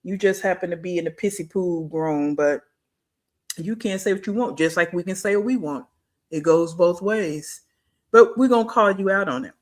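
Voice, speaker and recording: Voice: mid-range voice, moderate pace. A reaction channel host giving casual commentary in slang, scolding with one rhetorical question after another. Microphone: streaming setup mic.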